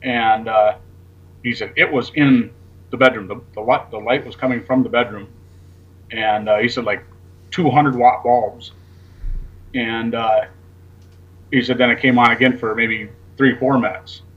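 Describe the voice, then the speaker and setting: Husky-voiced man telling a rambling story. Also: medium pitch, fairly even intonation, a little slow, pauses often, lo-fi sound. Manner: rambling, acts out quoted dialogue, swears casually. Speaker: guest. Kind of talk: casual storytelling on a talk show.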